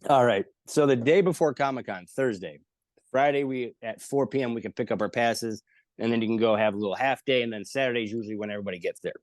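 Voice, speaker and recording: Jokey man spinning animated stories. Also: medium pitch, fast, no room sound. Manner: animated, jokey storyteller who acts out the people he quotes, with frequent swearing. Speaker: comedian guest. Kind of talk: casual storytelling in an interview.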